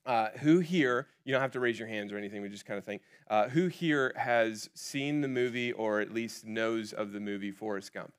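A man's voice: fairly low pitch, moderate pace, hardly any pauses, clean tone. A man preaching a conversational sermon in a casual way, with frequent fillers and restarts. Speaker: pastor.

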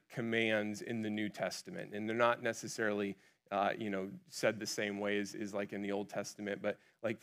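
Casual, rambling male preacher. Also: mid-range voice. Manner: casual, with many fillers and restarts. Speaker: pastor. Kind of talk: conversational sermon.

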